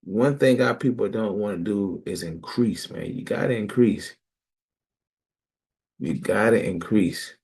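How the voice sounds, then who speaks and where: Gravelly-voiced man preaching scripture. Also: fairly low pitch, mellow. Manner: emphatic call-and-response preaching. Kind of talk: casual scripture teaching.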